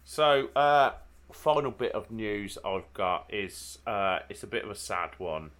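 A man's voice: lowish voice, measured pace, fairly bright tone. A man, co-hosting a podcast and reading the news segment in a chatty way, often ending with tag questions. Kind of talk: casual podcast chat. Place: home bedroom.

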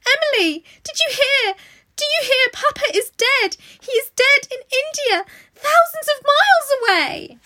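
A woman's voice: animated, measured pace, pushed and bright, heavily acted. A woman voicing a grief-stricken little girl who cries out wildly, read aloud from a storybook. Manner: wild, high, pleading cries.

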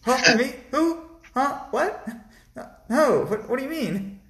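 A man's voice: very high voice, big pitch swings, fairly bright tone, roomy sound, voice pushed up, heavily acted. A man putting on a startled woman nurse who fires off nervous, defensive questions. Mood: flustered. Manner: flustered rapid questioning.

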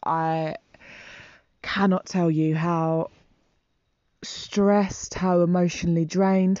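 A vlogger with a lowish, slightly mellow voice tells her audience a personal story to camera, rambling in a heartfelt, emotional way. The recording is muffled, with no room sound.

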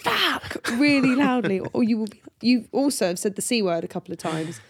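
A woman's voice: on the high side, a little fast. A woman in her thirties co-hosting a podcast, laughing often as she tells stories in casual chat. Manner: laughs often, lively storytelling. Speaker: podcast co-host.

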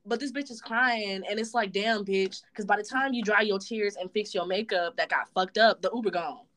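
A woman's voice: medium pitch, a little fast, fairly bright tone. Blunt, profane young woman co-host. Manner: acts out friends' lines in quotes. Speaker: podcast co-host. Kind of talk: casual podcast chat.

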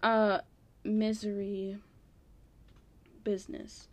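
A woman's voice: mid-range voice, level tone, very slow, dry recording. A young woman hosting a casual solo podcast, rambling and giggling, full of fillers. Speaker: podcast host.

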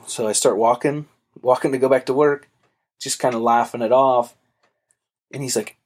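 A man's voice: medium pitch, fairly even intonation, normal speed. Casual young man telling a work story. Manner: loose, profane storytelling with frequent fillers. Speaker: podcast host. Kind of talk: casual chat.

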